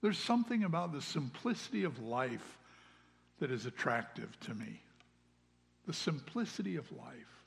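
A man's voice: medium pitch, very animated, normal speed, vocal fry. A man preaching in a reverberant church hall. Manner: earnest, with swings from loud calls to hushed asides. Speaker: pastor. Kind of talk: sermon. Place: church sanctuary. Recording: long reverb of a large hall.

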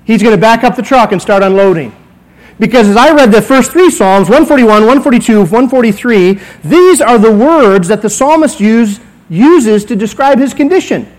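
A man's voice: extremely high pitch, animated, normal speed, rough recording. A man in his forties, a pastor preaching a conversational sermon in a church, acting out little dialogues as he goes. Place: church sanctuary.

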